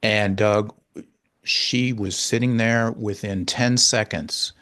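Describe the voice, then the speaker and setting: A man in his sixties, a guest telling a personal story in conversation, halting, with many restarts and repeated words, earnest and openly emotional. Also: lowish voice, steady tone, a bit bright.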